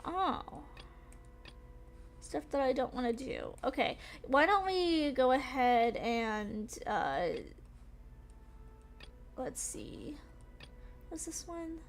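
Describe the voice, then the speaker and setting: A young gaming streamer with a high, expressive voice speaks slowly and pauses often, against slight background noise. Still shaken and out of breath after a scary game, she chats and rambles casually with her live audience.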